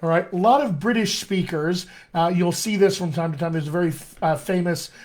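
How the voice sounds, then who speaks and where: An American man with a fairly high speaking voice runs a relaxed live-stream lesson as a dialect coach. He chats loosely, greets viewers by name and fills his sentences with ums and uhs, and he sounds like he is talking into a computer mic. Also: fairly quick. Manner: chatty and filler-heavy, greets viewers by name. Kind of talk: casual live-stream teaching.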